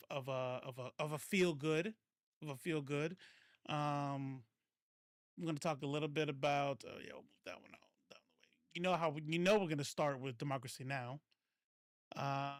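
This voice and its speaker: A man's voice: fairly high pitch, dry recording, studio quality. A man hosting a casual political commentary livestream, rambling and self-correcting, laughing often and swearing freely.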